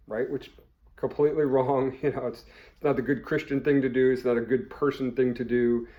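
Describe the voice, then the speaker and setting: A man's voice: medium pitch, steady tone, a little fast, dull audio. A man who runs a firearms training channel, telling a story in a blunt, conversational way and swearing freely. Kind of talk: casual vlog storytelling.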